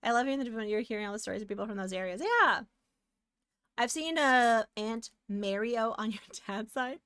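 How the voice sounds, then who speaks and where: A woman's voice: fairly high pitch, expressive, fairly quick, a bit bright, clear, resonant tone, no room sound, studio quality. An American woman streaming live, chatting casually and giggling while she works. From United States. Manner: chatty and giggly, hums and sings along.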